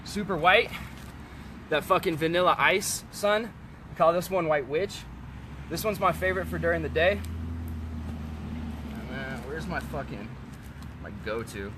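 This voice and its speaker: A man in a casual, blunt rant to camera, swearing often and turning loud when heated. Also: a little high, animated, measured pace, long pauses, slight background noise. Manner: profane, blunt, frequent swearing. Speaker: vlogger selling kratom.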